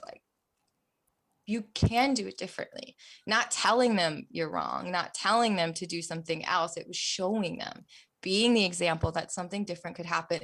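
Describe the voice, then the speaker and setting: A young adult woman, a podcast guest, telling a personal story in an earnest, emotional way, dropping almost to a whisper at the hardest parts. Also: on the low side. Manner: earnest, emotional, softens to near-whispers at hard moments.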